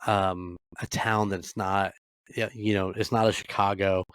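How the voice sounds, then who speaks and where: A man's voice: low-pitched, level tone, a little slow, clear, resonant tone, no room sound, studio quality. A middle-aged man hosting a podcast alone, giving a casual, blunt sports recap full of swearing and rambling asides. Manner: blunt, swears freely, rambling with many fillers. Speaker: podcast host.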